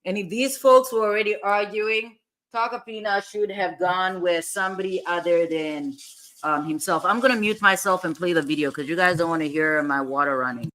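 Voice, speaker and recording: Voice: medium pitch, moderate pace, sharp tone. A livestream host giving casual, rambling reaction commentary and chatting directly with viewers.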